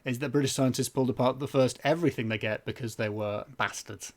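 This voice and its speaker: A man's voice: medium pitch, quick pace, a little mellow. A man co-hosting a live comedy podcast stream, joking loosely, stumbling over his words and reading chat comments aloud. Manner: jokey, self-interrupting, reads chat comments aloud. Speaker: podcast co-host.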